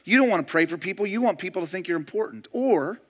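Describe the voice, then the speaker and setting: A man preaching a sermon as pastor, emphatic and moving between loud declarations and hushed storytelling. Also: sits high, lively intonation, fast talker.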